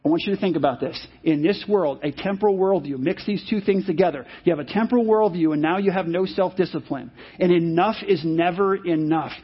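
A man's voice: sits high, fairly quick, hardly any pauses, breathy edge. A male pastor preaching a sermon, emphatic and repeating his key phrases. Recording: dull lo-fi sermon recording.

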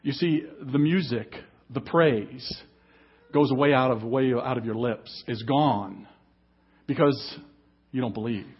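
A man's voice: mid-range voice, measured pace, husky, lo-fi sound. A man preaching an emphatic sermon as pastor at a church service. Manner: emphatic preaching, reads scripture aloud.

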